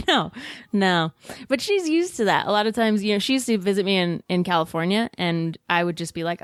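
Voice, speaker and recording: A woman from Arizona, a radio host and comedian, chatting as a guest and telling stories with quick laughs. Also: lowish voice, lively intonation, smooth, no echo, studio quality. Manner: bubbly storytelling, quick laughs. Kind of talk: casual interview chat.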